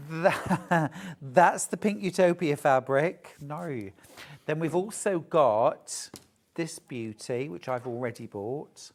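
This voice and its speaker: A man's voice: a little high, expressive, slow. A man presenting a live shopping show, chatting and joking as he gushes over fabrics. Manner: chatty, gushing, jokey. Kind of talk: live sales chat.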